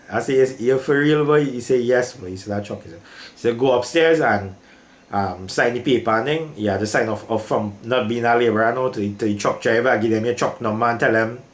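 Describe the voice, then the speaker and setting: In an echoey room, a mid-range male voice with a Trinidadian accent tells a moving tale from his working years. He is older, speaks casually and repeats himself, and keeps addressing the listener as "boy."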